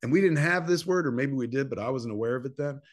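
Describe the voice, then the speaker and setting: A man in his fifties from New Jersey, a filmmaker telling a long personal story in a casual interview. He swears freely and acts out quoted dialogue in animated bursts. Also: mid-range voice, fast. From New Jersey, USA. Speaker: filmmaker guest.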